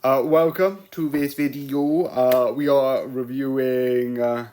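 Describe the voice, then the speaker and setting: A British video reviewer and streamer talks through a show in a casual vlog, rambling with lots of fillers and restarts. His voice is medium-pitched and darkish, with fairly even intonation and a slow pace.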